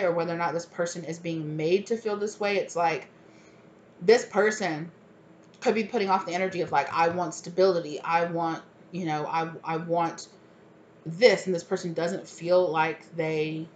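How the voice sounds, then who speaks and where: A woman with a lowish voice talks her way through a tarot spread, naming cards and musing out loud in a loose, chatty flow. A faint hiss sits under her voice. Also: muffled recording. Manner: thinks aloud, calling out cards with frequent "like". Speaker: tarot reader. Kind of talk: casual tarot card reading.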